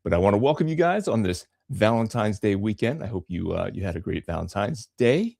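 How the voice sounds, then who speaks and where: A man's voice: on the low side, big pitch swings, brisk, creaky, darkish tone, no room sound, studio quality. A man hosting a live drawing stream from home, rambling casually with many fillers and repeated words. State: a little out of breath. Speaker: comic artist hosting a live draw stream. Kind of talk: casual livestream chat.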